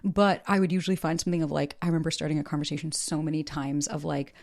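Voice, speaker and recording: A woman hosting a casual podcast interview, chatty and animated, swearing casually. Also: sits low, quick pace, gravelly. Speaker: podcast host.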